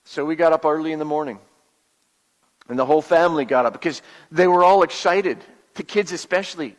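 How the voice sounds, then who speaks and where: A male pastor playing a humble, wary Israelite father in a first-person monologue, confiding and plainspoken with halting repeats. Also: on the high side, natural voice. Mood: reflective. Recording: long hall reverb.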